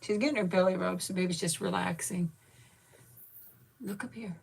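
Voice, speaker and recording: A woman's voice: lowish voice, normal speed, creaky, a little mellow, breathy edge. A woman in her fifties hosting a casual live chat, cooing baby talk at her pet and thanking viewers by name. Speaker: channel host.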